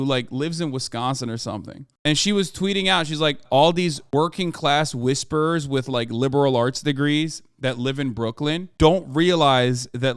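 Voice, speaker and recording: A man's voice: mid-range voice, smooth, dry recording, studio quality. A male streamer giving a heated, profanity-laced commentary rant on his livestream.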